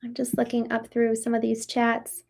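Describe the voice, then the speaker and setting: A woman's voice: on the high side, completely flat delivery, normal speed, gravelly, darkish tone. A woman from Maryland hosting a live show, talking through chat comments in an effusive, reflective way with lots of fillers and restarts. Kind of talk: live-stream talk answering chat comments.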